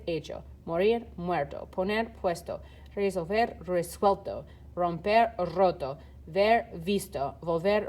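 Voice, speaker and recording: A woman's voice: fairly low pitch, a little mellow. A woman teaching Spanish grammar, explaining step by step in a casual way with fillers, while filming and typing. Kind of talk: recorded lesson walkthrough.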